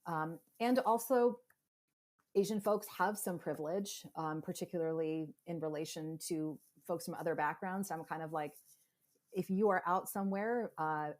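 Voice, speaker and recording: A woman in her forties telling animated stories in a casual interview, acting out other people's voices as she goes. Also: deep voice. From United States. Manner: animated storyteller, acts out quoted voices. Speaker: podcast guest, psychotherapist.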